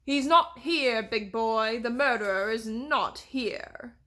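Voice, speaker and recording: A woman voicing a smug prince who talks in a slow, haughty, commanding way. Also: on the high side, animated, a bit bright. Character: smug, smooth-talking prince.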